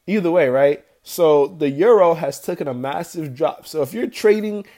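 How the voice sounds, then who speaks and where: A man's voice: on the high side, moderate pace, warm tone. A young man hosting a podcast in casual solo commentary, chatty and slangy, often asking "right?" to his listeners. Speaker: podcast host.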